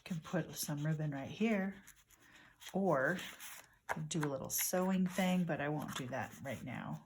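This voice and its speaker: A craft channel host with a low-pitched voice offers relaxed commentary on her crafting session, speaking softly and unhurriedly, half to herself as she works. A faint noise floor runs beneath the recording.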